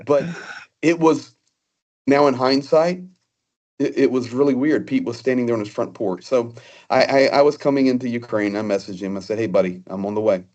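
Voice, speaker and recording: A man's voice: medium pitch, fairly even intonation, darkish tone, muffled recording. A man telling personal stories in a casual, earnest way, often stopping and restarting. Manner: earnest, halting with frequent restarts. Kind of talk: casual conversational storytelling.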